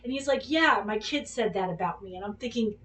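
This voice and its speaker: A woman's voice: mid-range voice, animated, fairly quick, distant mic, noisy background. A woman hosting a podcast who tells a personal story in casual chat, rambling and candid, swearing freely and acting out what people said. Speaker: podcast host.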